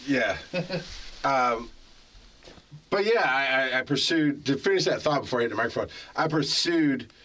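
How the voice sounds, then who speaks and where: Animated, swearing man telling stories. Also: mid-range voice, normal speed, long pauses. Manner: animated, profane storytelling. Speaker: podcast guest. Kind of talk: casual chat.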